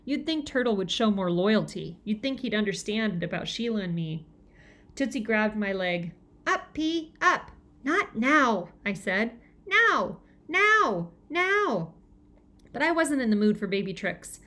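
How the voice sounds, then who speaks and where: A woman narrating a children's novel aloud in a lively, expressive way. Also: mid-range voice. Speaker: audiobook reader.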